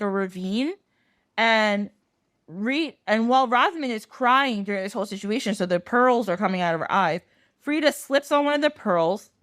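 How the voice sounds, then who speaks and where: A woman's voice: on the high side, a bit bright, dry recording, clean studio sound. A woman podcast host telling a fairy tale in a chatty, casual way full of fillers and swearing. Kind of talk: casual storytelling.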